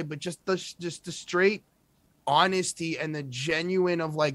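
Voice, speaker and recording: A man's voice: on the high side, a little slow, a bit bright, no echo. A man co-hosting a casual album review, rambling with lots of fillers and some swearing.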